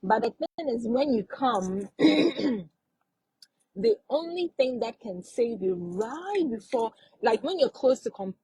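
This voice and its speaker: A woman's voice: a little high, sing-song, slow pace, darkish tone, husky, rough recording. A woman hosting a casual live stream, giving advice and repeating her points for emphasis.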